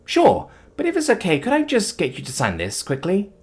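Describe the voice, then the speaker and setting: Rich: An encouraging young reporter woman, as a male narrator lifts his voice for her. Polite and warm in wording, breathy in tone, and very animated. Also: high-pitched, moderate pace, pitched above the performer's own voice, full character voice. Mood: friendly. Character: friendly young female journalist.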